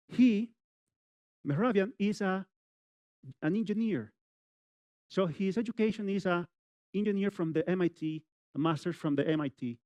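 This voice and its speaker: Lively man lecturing a live audience. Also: high voice, normal speed, long pauses, no room sound. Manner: animated, addresses audience directly, many "you know" fillers. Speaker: public speaking lecturer. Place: university lecture hall.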